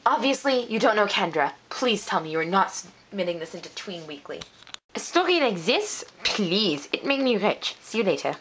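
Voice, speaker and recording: A woman voicing a scornful, scolding photographer in a lower voice, over faint music. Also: big pitch swings, normal speed, fairly bright tone, a little hiss or hum, low-quality recording. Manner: scolding, dismissive.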